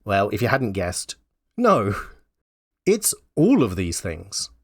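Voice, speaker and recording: A man's voice: lowish voice, huge pitch swings, slow pace, husky, no echo, clean studio sound. A man giving blunt, wry opinion commentary in a conversational way. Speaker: YouTube commentator.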